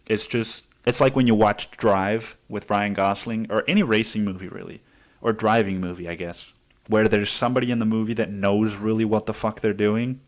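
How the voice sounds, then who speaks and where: A man hosting a podcast alone, telling a long story in a rambling, profane, casual way with lots of fillers. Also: lowish voice. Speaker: podcast host. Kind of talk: casual solo podcast monologue.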